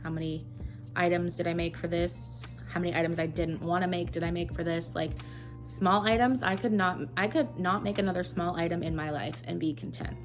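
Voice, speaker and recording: A woman's voice: fairly low pitch, steady tone, a little fast, faint music behind. A young woman from Canada, a crochet vlogger who chats casually and rambles with lots of fillers while she works, recorded on her phone. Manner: chatty and rambling, with many fillers.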